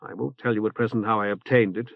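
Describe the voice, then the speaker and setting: A man voicing a calm young male leader who speaks in a measured way. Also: fairly low pitch, creaky, no room sound. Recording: tinny phone-like band.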